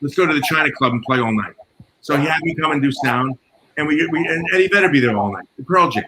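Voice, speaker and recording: A man working as a sound engineer tells animated stories, acting out quoted dialogue. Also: on the high side, fast. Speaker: guest, concert and theater sound engineer. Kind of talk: storytelling in casual chat. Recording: noticeable background noise.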